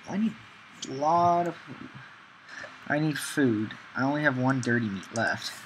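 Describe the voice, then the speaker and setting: A man's voice: medium pitch, expressive, measured pace, long pauses, a little hiss or hum, low-quality recording. A man giving rambling gameplay commentary, talking to himself with many ums and chanting single words over and over. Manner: talks to himself, frequent ums. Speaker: gameplay video maker.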